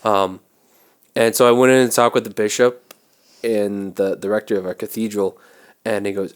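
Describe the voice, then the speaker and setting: A man, a Catholic priest, telling a story in a casual podcast chat, animated and quick to laugh, often restarting his sentences. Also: lowish voice, smooth.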